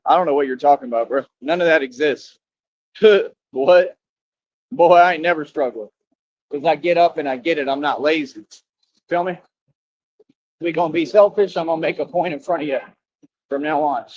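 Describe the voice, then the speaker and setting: A young man in a boastful, confrontational monologue to the camera, full of slang and rhetorical questions. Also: on the high side. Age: young adult. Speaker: vlogger. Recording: dull lo-fi sound.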